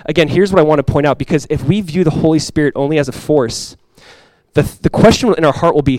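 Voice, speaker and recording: A man in his thirties delivers a sermon in a relaxed, conversational way, tossing in quick asides as he goes. His voice sits a bit higher than most men's, and it comes across dry and close, with no room sound around it. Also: no echo. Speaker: pastor.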